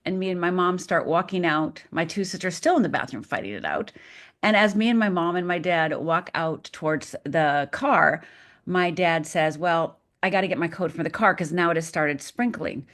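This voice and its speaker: Low-voiced woman telling her story. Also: expressive, moderate pace, fairly bright tone. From Upper Michigan. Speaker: guest. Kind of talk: personal storytelling.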